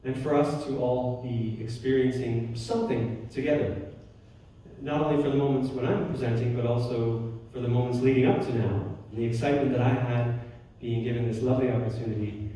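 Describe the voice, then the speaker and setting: A man giving a spiritual talk as a guest speaker, telling personal stories warmly, with frequent restarts and soft laughs. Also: mid-range voice, steady tone, fairly quick. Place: church hall. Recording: roomy hall from far off.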